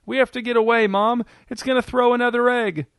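A frightened little girl, high and urgent, as a male storyteller puts her on. She pleads insistently, her voice pitched well above a grown man's. The sound is dry and close. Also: lively intonation, slow pace, no echo, exaggerated voice. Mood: pleading. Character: scared young girl begging her mother.

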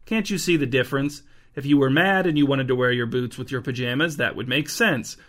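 A man's voice: medium pitch, a little fast, a bit bright, lightly acted. A man voicing a dry, blunt adult queen who sounds unimpressed, in a storybook reading.

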